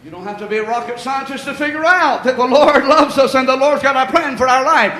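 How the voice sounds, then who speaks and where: A man's voice: extremely high pitch, brisk, sharp tone. A male pastor preaching a sermon, telling a story and repeating his points with emphasis. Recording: echoey hall with long reverb.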